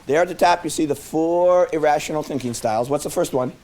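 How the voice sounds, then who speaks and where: A man's voice: on the high side, quick pace, a little hiss or hum. A middle-aged man presenting a live self-help seminar, joking and coaxing his audience to answer back. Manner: animated, joking, coaxing call-and-response with audience.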